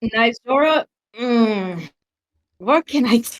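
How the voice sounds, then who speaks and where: A woman's voice: a little high, lively intonation, slow pace. Bubbly woman tabletop player. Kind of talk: casual play at a tabletop game.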